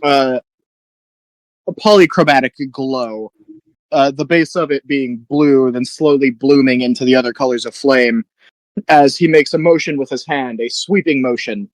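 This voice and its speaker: A man in a middle voice plays in a tabletop game, recorded dry and close. He speaks in a measured, thoughtful way, pausing on fillers as he describes what his character does. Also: medium pitch, dry recording, rough recording. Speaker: player. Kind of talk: tabletop role-play.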